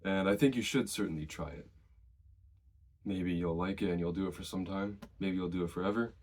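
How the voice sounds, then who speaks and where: A deep-voiced male fitness vlogger speaks a little fast, casually offering workout advice based on his own experience. He's slightly out of breath yet relaxed and conversational, and a faint hiss or hum sits under the recording.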